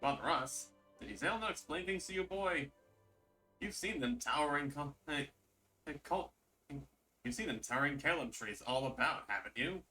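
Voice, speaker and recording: Male reader voices a blunt rustic hunter chief, colloquial and gruff. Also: fairly high pitch, expressive, normal speed, bright, forceful tone, soft background music.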